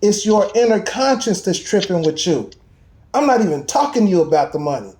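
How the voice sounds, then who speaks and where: High-voiced man telling a story emphatically. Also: fairly quick. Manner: animated, emphatic storytelling with slang. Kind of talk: casual chat.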